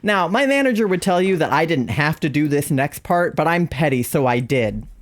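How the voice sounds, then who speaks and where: A young adult streamer tells chat a story in a loose, casual way. The voice swings up and down in pitch, breaking into laughter often, with a wry, self-mocking edge. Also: expressive, moderate pace. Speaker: live streamer.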